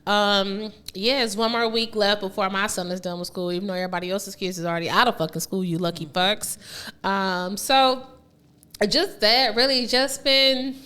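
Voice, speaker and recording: A woman's voice: medium pitch, steady tone, moderate pace, pushed and bright. A woman in her thirties hosting a podcast, chatting candidly and swearing freely. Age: 30s. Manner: candid, profane, rambling. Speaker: podcast host. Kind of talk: casual chat.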